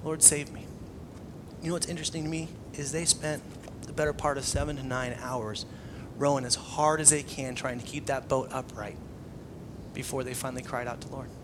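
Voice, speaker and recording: A man's voice: medium pitch, a little fast, background noise. A man preaching a conversational sermon, acting out scenes with lots of energy. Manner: conversational, animated, acts out scenes. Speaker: pastor.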